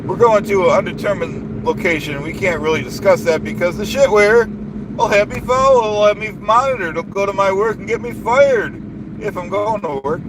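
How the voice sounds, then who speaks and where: A high-voiced man rants on a live stream, boastful and indignant, circling back to the same complaints again and again. Steady noise from outdoors and passing vehicles sits under his voice. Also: normal speed. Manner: boastful, indignant, repeats himself.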